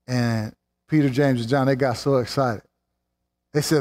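A man's voice: medium pitch, steady tone, darkish tone. Fervent preacher man in reverberant hall. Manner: fervent, rising to exclamations and slowing for emphasis. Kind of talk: sermon.

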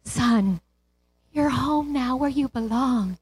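Woman preacher, middle-aged, slow and fervent sermon delivery, rising into praise, fairly high voice. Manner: impassioned, swelling pitch with praise exclamations. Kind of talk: sermon retelling a parable.

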